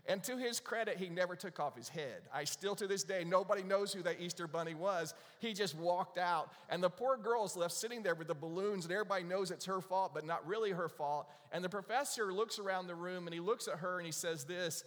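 A man's voice: high voice, expressive, a little fast, a bit bright. A middle-aged man preaching an Easter sermon, telling stories and often asking the congregation "right?". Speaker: pastor. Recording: long hall reverb.

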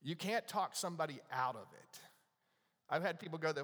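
A man's voice: on the high side, lively intonation, normal speed, sharp tone, long reverb tail. A man preaching a sermon to a congregation, talking to them in a conversational way and asking them questions. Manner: conversational, asks the audience questions. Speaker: pastor.

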